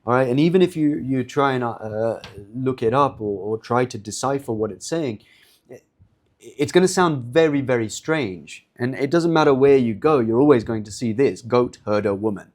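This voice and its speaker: A man's voice: mid-range voice, moderate pace, a little mellow. A man giving a religious lecture in an impassioned, sarcastic manner.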